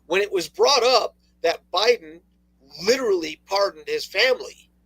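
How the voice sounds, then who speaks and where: A man co-hosting a political talk radio show, talking casually with sarcastic, animated asides and laughs. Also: high-pitched, normal speed, breathy edge, dry recording, low-quality recording. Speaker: co-host.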